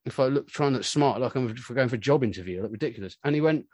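A man in his forties, a musician being interviewed, telling stories in a rambling, animated way with lots of filler words. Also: medium pitch, fast talker, no room sound. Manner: rambling, animated storytelling full of "you know". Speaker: musician guest. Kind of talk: casual interview chat.

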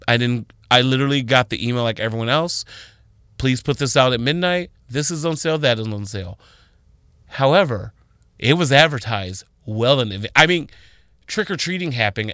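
A man co-hosting a morning radio show, telling an animated story and jumping to high squeals when he retells things. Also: moderate pace, no echo, studio quality. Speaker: radio co-host.

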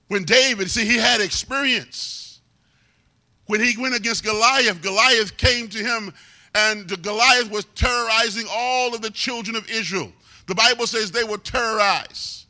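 Guy preaching a sermon, high bright cutting voice, leans hard on words. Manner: emphatic, drawn-out repetition of key words.

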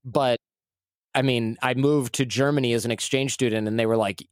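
A man's voice: medium pitch, steady tone, normal speed, no echo, clean studio sound. A man from Michigan in his forties, talking as a guest in a casual, rambling and self-deprecating way. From Michigan, USA. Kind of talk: casual conversational storytelling.

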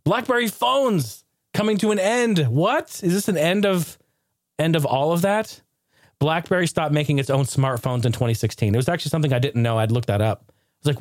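A man hosting a podcast in casual chat, animated, profane and joking. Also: on the high side, fairly quick, no echo, clean studio sound. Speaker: podcast host.

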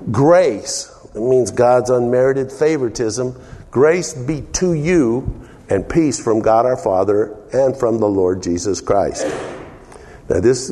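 A man's voice: medium pitch, warm tone, long reverb tail. An older man preaching a folksy sermon as pastor, calling out to the congregation for amens.

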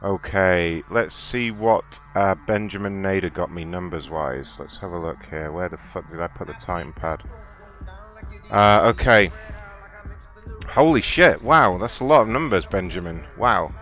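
A man's voice: low voice, measured pace, a bit bright, faint music behind. Profane sarcastic man hosting a prank show. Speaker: prank call show host. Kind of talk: casual crude radio banter.

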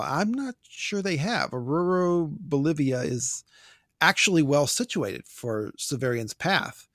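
Male podcast host, mid pitch, dry close sound, wry and wordy, trips on words. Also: no room sound. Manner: wordy, stumbles over pronunciations, wry. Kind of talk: casual book discussion, reading listener notes.

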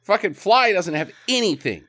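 A young man co-hosting a podcast, joking loudly about a bad movie, laughing often and swearing freely. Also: high voice, sing-song, normal speed. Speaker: podcast co-host. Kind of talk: casual bad-movie commentary.

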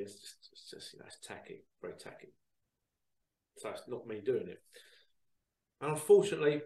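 A man hosting a show, talking casually to viewers in a chatty, animated storytelling way that repeats phrases. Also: mid-range voice, recorded from a distance. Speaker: psychic reader and show host. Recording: roomy sound, away from the mic.

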